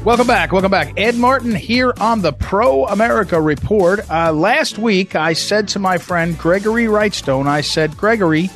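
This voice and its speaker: Rambling talk radio host, higher voice. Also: male voice, normal speed, hardly any pauses, fairly bright tone, faint music behind. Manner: rambling, many fillers and restarts.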